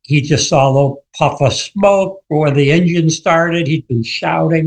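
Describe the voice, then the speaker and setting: A man who wrote the book, a guest on a radio interview, telling the story vividly and acting out quoted shouts. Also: a little high, a little slow, rough recording.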